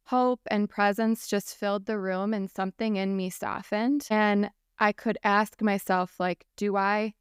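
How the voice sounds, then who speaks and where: A woman hosting a podcast interview, enthusiastic and quick to laugh as she talks with her guest. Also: mid-range voice, clear, resonant tone, dry recording, clean studio sound. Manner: enthusiastic, laughs often, admiring. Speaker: podcast host. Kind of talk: interview conversation.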